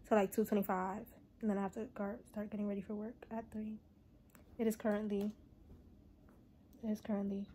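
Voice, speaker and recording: A young woman talking casually to camera about her days, blunt, slangy and swearing a lot. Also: on the high side. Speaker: vlogger. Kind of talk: casual vlog talk to camera. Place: at home.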